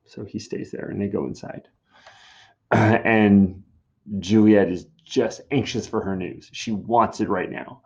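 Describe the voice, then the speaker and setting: A man's voice: fairly low pitch, normal speed, vocal fry, a little mellow, husky. A man casually explaining a scene from a play to students, chatty and laid-back. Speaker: teacher. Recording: dull lo-fi recording.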